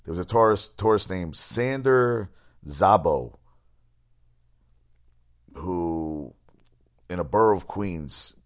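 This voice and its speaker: Deep-voiced profane sports talk man. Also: slow pace, pauses often. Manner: rambling, profane, animated storytelling. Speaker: sports talk show host.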